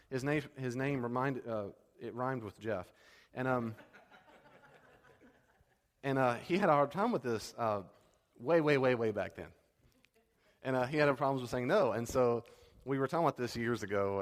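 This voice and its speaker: A male pastor preaching a sermon in a conversational, animated way, acting out bits of dialogue. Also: mid-range voice, fairly quick, long reverb tail.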